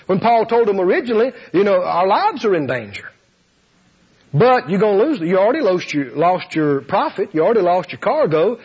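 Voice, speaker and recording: Man preaching, husky, lively pitch, acts out voices. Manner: animated, laughing, acts out voices. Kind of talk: sermon. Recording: dull lo-fi sound.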